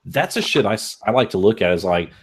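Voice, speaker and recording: A man's voice: on the low side, lively intonation, fast talker, husky. A man from Texas hosting a casual live podcast chat, laid-back and swearing freely. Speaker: podcast host.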